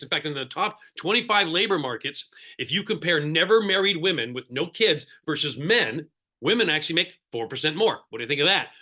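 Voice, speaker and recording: Man, high bright voice, animated sarcastic coach who quizzes his audience on a video call. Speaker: real estate coach. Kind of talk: live online seminar talk.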